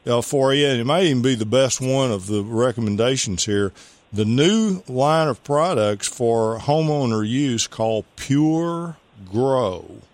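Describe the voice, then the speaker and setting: A man's voice: medium pitch, animated, a little slow, a little mellow, no echo. A man hosting a call-in gardening radio show, giving rambling, folksy advice and spelling out product names.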